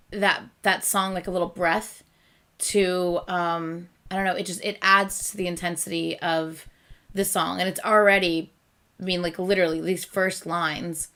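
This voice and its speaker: Hosting a reaction video, this woman rambles casually with plenty of fillers and keeps poking fun at herself with frequent laughter. She has a lowish, slightly bright voice.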